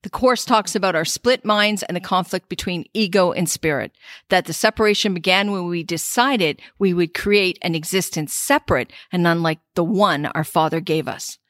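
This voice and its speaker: A woman's voice: lowish voice, moderate pace, fairly bright tone, no echo, studio quality. A woman hosting a spiritual podcast, reflective and heartfelt. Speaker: podcast host. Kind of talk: casual podcast talk.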